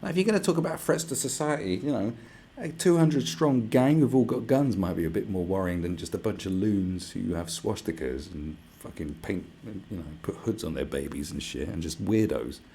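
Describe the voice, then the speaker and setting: This live-stream host speaks in a low, mellow, husky voice at an ordinary speed with few pauses. His casual rant is full of profanity and sarcasm, and he imitates others in mocking voices.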